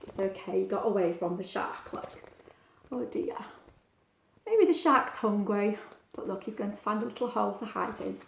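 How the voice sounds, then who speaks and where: A woman's voice: mid-range voice, lively intonation, moderate pace, gravelly, roomy sound. A woman, a teacher, reading a picture book aloud at home for children, chatty and asking them questions. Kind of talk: storybook read-aloud.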